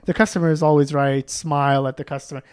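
A man's voice: a little high, steady tone, fast talker, smooth. A man co-hosting a podcast in casual chat, offering dry, emphatic commentary. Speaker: podcast co-host.

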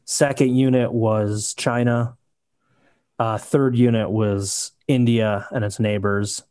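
Easygoing, halting podcast co-host, man. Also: medium pitch, fairly even intonation, a little mellow, no room sound, clean studio sound. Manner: easygoing, a bit halting, many fillers. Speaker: podcast co-host and history teacher. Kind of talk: casual sports podcast chat.

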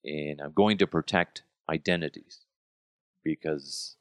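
A man hosting a podcast in casual chat, ranting bluntly with plenty of profanity and swinging between loud outbursts and muttered asides. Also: very deep voice, a little slow, no room sound. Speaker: podcast host.

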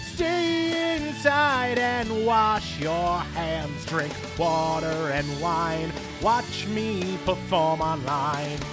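A man singing a slow comic song as a rock star on a home live stream, with guitar backing. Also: high-pitched. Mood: laid-back.

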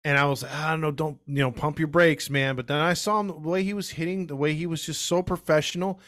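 A man guest co-hosting a sports podcast, rambling through stories in casual chat. His voice sits a little above the usual male pitch. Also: steady tone, fairly quick, fairly bright tone. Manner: rambling, storytelling. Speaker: guest co-host.

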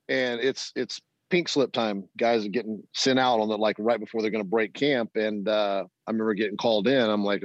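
A man's voice: lowish voice, no room sound, lo-fi sound. A middle-aged man, a former ball player, telling stories in an interview, acting out the voices of the people he quotes. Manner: animated storyteller, acts out quoted voices, laughs often. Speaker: former baseball player, guest. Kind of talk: interview storytelling.

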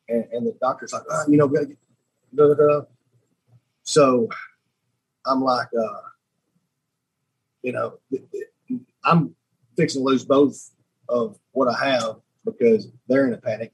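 A man, a podcast guest telling a personal story in a halting, repeating way, often dropping quiet. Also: husky, rough recording. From Alabama. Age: 30s. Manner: halting, repeats words, voice drops low and quiet when moved. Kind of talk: emotional storytelling.

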